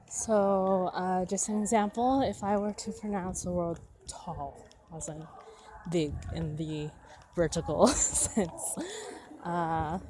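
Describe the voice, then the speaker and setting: Filipino woman vlogger, low voice, slow, a bit out of breath walking outside, thinking aloud. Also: background noise. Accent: Filipino English. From Philippines. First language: Ilocano. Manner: thinks aloud, explaining step by step. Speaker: vlogger on language. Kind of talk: explanatory casual talk. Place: outdoors while walking, passing a school.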